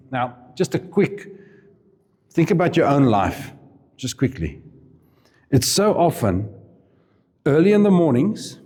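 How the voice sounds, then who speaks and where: A man preaching in a relaxed, storytelling way, full of asides and little laughs. His voice is mellow and mid-pitched. A long hall reverb hangs on every phrase. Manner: chatty and informal, with asides and laughs. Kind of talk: sermon storytelling.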